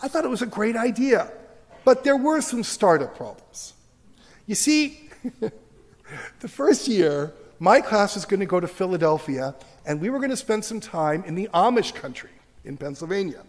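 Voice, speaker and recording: A man in his sixties gives a lively lecture in a large university auditorium. His voice sits high, and he talks as an emphatic, joking storyteller. Long reverb from the hall trails each phrase. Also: normal speed. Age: 60s. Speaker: teacher giving a lecture. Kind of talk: humorous, animated public lecture.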